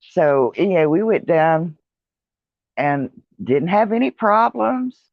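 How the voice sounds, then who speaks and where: A woman's voice: on the low side, very animated, takes it slowly, dry recording, highs cut off. Tired, rambling woman vlogger. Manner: rambling, chatty, with many fillers and yawns. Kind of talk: casual vlog chat. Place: outdoor porch with traffic nearby.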